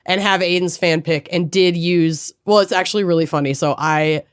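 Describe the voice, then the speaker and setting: A woman co-hosts a podcast, chatting casually with a playful, self-deprecating humor. Her voice is lowish, clear, and resonant, with fairly even intonation at normal speed. The studio-quality recording has no echo.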